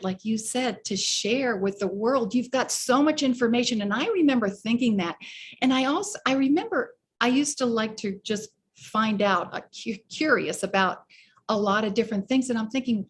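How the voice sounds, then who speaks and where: Woman, interview host, enthusiastic, halting, slightly high voice. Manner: enthusiastic, halting with many restarts. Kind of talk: casual interview chat.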